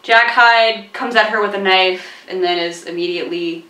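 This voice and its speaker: A woman co-hosting a film review chat, sarcastic and animated, mocking the characters with quoted voices. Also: medium pitch, normal speed. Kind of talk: casual chat. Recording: echoey room, voice a bit far from mic.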